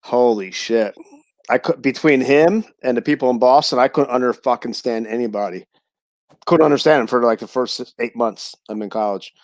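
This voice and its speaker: A laid-back man speaking as a guest on a livestream. His voice sits in a middling pitch, and he curses casually and laughs often. The sound is dry and close, with no room in it. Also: moderate pace, no room sound. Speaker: guest reptile breeder. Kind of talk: casual chat.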